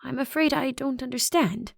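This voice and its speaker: A woman voicing a soft-spoken grieving grandmother principal. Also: high voice, gravelly, no room sound, clean studio sound, pitched above the performer's own voice, exaggerated voice. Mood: calm, guarded. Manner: soft, measured, quietly sorrowful.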